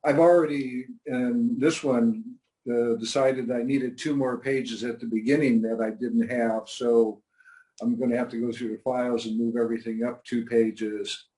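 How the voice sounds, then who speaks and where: An older man, a comic creator guest, telling stories in a dry, matter-of-fact way with hesitant pauses. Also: mid-range voice, fairly even intonation, dark tone, rough recording. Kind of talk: relaxed interview talk.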